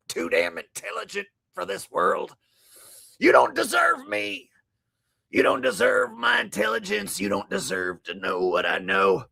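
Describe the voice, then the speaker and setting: A man's voice: high-pitched, pushed and bright, exaggerated voice. A man doing a comic impression of a bellowing, crude male conspiracy talk-show host. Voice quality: gravelly, husky. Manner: bellowing, crude, manic rant.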